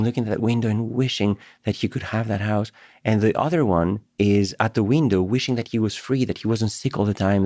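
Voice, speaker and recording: A man's voice: mid-range voice, a little mellow, no room sound, studio quality. A middle-aged man from Greece, a professor guest on a podcast, telling stories animatedly, laughing often and repeating words as he starts. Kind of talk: conversational podcast interview.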